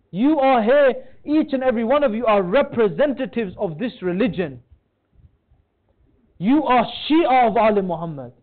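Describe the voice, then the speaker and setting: High-voiced man giving an impassioned mourning sermon. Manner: impassioned, pleading with listeners. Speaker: majlis speaker. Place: religious centre hall. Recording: thin phone-like lo-fi sound.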